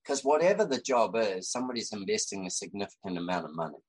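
A man's voice: on the low side, big pitch swings, fast, poor audio. An Australian man, a designer and podcast guest, telling a story in casual chat with lots of fillers and restarts.

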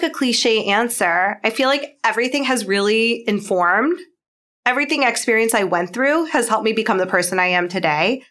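A woman's voice: on the high side, a bit bright. A woman in her thirties, a guest entrepreneur and mother, talking in a chatty, casual way, laughing often and saying "like" a lot. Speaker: interview guest, pharma entrepreneur. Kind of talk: casual interview chat.

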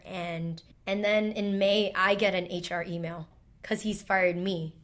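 A woman's voice: mid-range voice, fairly even intonation, a little slow. Emotional woman telling a personal story. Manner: emotional, heartfelt, frequent "like" fillers. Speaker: storyteller guest, former teacher.

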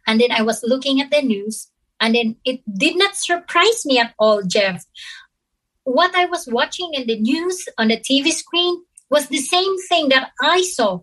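A woman from the Philippines, telling a personal story to an interviewer in a halting, earnest way with many pauses and restarts. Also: sits high, expressive, a bit bright, rough recording. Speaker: interview guest.

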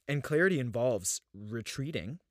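A man's voice: mid-range voice, expressive, moderate pace, dry recording, studio quality. A man in his thirties hosting a podcast, talking in an earnest, searching way about inner life, often restarting his sentences. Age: 30s. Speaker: podcast host. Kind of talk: reflective spiritual podcast talk.

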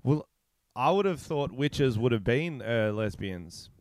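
A man rambles through crude jokes as a podcast co-host, in a smooth, clear voice. The sound is dry and close, as if recorded over a remote call. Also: mid-range voice, big pitch swings, unhurried, no echo. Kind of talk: crude casual banter. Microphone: remote call mic.

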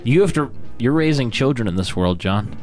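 A man's voice: mid-range voice, expressive, normal speed, darkish tone, soft background music. A man co-hosting a comedy sports podcast in a studio, joking and rambling. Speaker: podcast co-host. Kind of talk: casual comedy chat.

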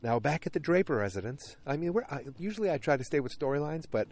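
A man's voice: on the high side, fast. A tired man casually recapping a TV episode, rambling with lots of fillers. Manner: rambling, filler-heavy, animated retelling.

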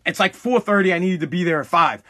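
Profane high-voiced man. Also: quick pace. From Massachusetts. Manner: blunt, profane, animated storytelling with restarts. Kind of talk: casual storytelling monologue.

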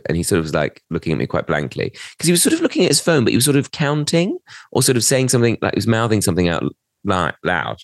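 A man's voice: deep voice, quick pace, no room sound, studio quality. A man, co-hosting a podcast and telling a story in casual chat. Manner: animated storyteller, acts out quoted voices. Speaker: podcast co-host.

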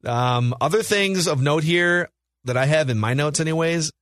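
A man's voice: a little high, moderate pace, a bit bright, dry recording, clean studio sound. A man hosting a casual movie podcast, leading the talk and quizzing his co-hosts. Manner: leads the talk, reads notes, quizzes co-hosts. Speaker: podcast host.

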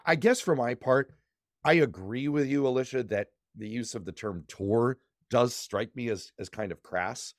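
Guy hosting a politics podcast, lively up-and-down voice, dry sound. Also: mid-range voice, dry recording. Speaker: podcast host. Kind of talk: political panel discussion.

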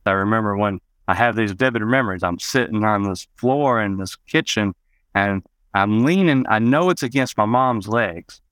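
A man with a fairly low, smooth, resonant voice tells his own story as an interview guest. He talks loosely and reflectively, leaning on "you know" and lifting his pitch to act out quoted lines. The sound is close and dry. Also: normal speed, a bit bright, no room sound. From Arkansas, USA. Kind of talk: personal storytelling in a podcast interview.

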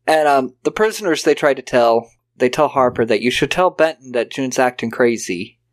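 A man co-hosting a podcast talks through a film scene by scene, his voice sitting at a middle pitch. He acts out the characters' lines with loose impressions. He swears casually as he goes. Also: lively intonation, moderate pace. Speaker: podcast co-host. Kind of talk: casual film-recap chat.

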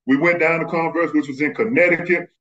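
A man from Texas, a former basketball player, telling animated stories as a podcast guest and acting out the people he quotes. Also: a little high, a little fast. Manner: animated, acts out quoted voices. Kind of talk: casual storytelling. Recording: slightly muffled lo-fi audio.

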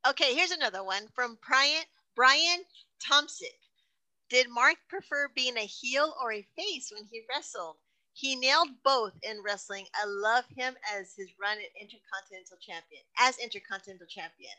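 A woman's voice: fairly high pitch, animated, moderate pace, pushed and bright, rough recording. A woman interviewer reading out listener questions and chatting casually.

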